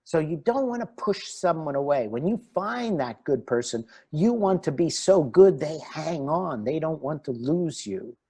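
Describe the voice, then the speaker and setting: A man giving an online talk as a relationship coach, animated and laughing between his points. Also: a little high, measured pace, few pauses, husky.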